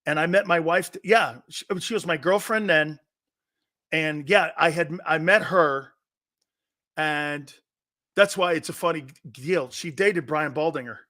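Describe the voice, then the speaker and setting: A man's voice: fairly high pitch, unhurried, bright, forceful tone. Middle-aged guy hosting sports talk, tells long rambly stories and keeps cracking up. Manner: rambling storyteller, laughs a lot, quotes others. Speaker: sports talk show host. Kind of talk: casual live-stream sports talk.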